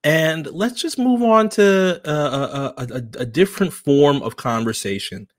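A man co-hosting a casual basketball podcast, talking in a joking, animated way and putting on voices when he quotes people. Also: fairly high pitch, a little slow. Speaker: podcast co-host. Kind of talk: casual sports chat.

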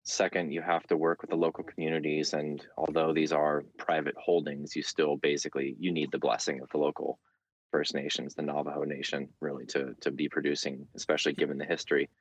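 A man with an extremely deep voice talks as a guest in a casual interview. He is frank and relaxed and hesitates often as he thinks aloud. The sound is dry and close. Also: brisk, slightly rough, no room sound. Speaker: interview guest, market commentator.

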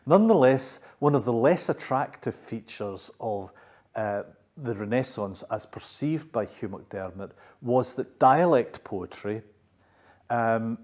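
A man talking as a literary scholar, explaining at a measured pace with filler pauses. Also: mid-range voice, darkish tone. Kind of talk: explanatory interview talk.

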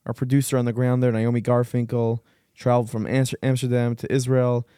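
Man, podcast host, casual talk, animated, mellow dry voice. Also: mid-range voice, brisk, clean tone, no room sound.

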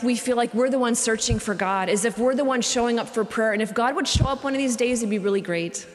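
A religious sister giving a conversational retreat talk, repeating phrases for emphasis. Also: female voice, fairly high pitch. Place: cathedral. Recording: long cathedral reverb.

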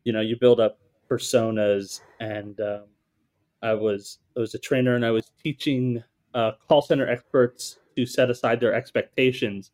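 Man podcast co-host, playful, storytelling, mid-pitched. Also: steady tone, normal speed, a little mellow. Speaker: podcast co-host, former trainer. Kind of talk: casual podcast chat.

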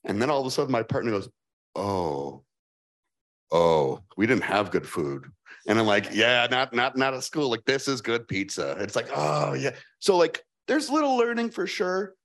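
A man with a Chicago accent answering audience questions at a live fireside chat, playful and animated, acting out the voices he quotes. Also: medium pitch, fairly quick, creaky, hardly any pauses.

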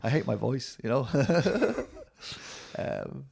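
A man's voice: mid-range voice, sing-song, takes it slowly, creaky, darkish tone, husky. A middle-aged man, a documentary filmmaker, answering interview questions in a rambling, self-deprecating way, full of restarts and fillers.

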